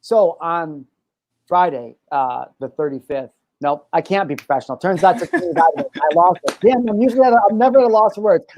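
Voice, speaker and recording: A man's voice: sits high, fast talker, hardly any pauses, darkish tone. A man hosting a casual podcast, joking and slipping into a playful, mock-serious newscaster voice. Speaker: host.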